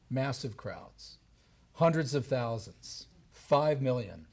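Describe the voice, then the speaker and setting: A man giving a lively storytelling talk on history before an audience, acting out the voices of the people he quotes. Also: mid-range voice, moderate pace. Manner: animated, acts out quoted voices. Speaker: lecturer. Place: event hall before an audience.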